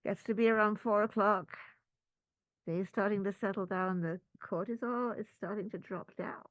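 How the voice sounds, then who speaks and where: Woman spiritual teacher; mid voice, animated, dry close sound; storyteller. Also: mid-range voice, normal speed, no room sound, rough recording. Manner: storytelling with lively acted-out asides. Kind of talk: spiritual talk to a group.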